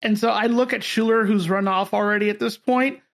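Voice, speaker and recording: A woman's voice: mid-range voice, fairly even intonation, fairly quick. A woman playing a tabletop role-playing game, talking hesitantly with frequent "like". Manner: hesitant, full of "like". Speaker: player.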